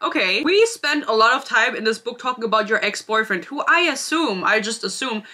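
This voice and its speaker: A woman's voice: on the high side, animated, a little fast, bright, forceful tone. A woman giving a casual book review vlog, sarcastic and blunt, often giggling.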